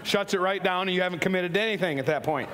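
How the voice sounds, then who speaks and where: Speaking in a high voice at a quick pace, a man entertains a live audience with a jokey, playful motivational talk, quizzing the crowd as a leadership speaker. Background noise, faint ambience and long hall reverb are audible.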